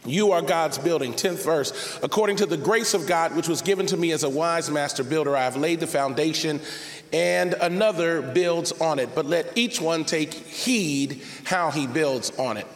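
A man preaching a sermon as pastor, reading scripture and building up to shouted, emphatic calls to his congregation. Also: on the high side, normal speed. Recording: reverberant hall with faint noise.

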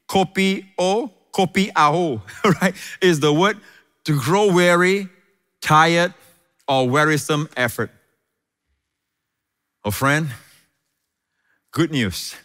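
A man's voice: a little high, fairly bright tone. A male preacher giving a sermon, emphatic and repetitive, stretching key words and adding frequent amens. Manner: emphatic, repeats phrases, frequent "amen"; drawn-out stressed words, sing-song rises. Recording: long hall reverb.

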